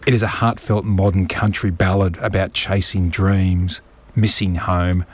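A man's voice: deep voice, level tone, a little slow, slightly rough. A man hosting a late-night community radio show, joking and chatting in a studio. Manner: joking, chatty, jumps between topics. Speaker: radio host. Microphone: studio microphone.

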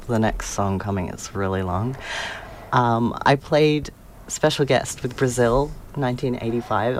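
A man's voice: mid-range voice, a little hiss or hum. Young guy hosting college radio, rambly, laughs a lot, mid voice. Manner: rambling, self-deprecating, laughs often. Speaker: radio host. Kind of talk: casual community radio chat. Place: radio studio.

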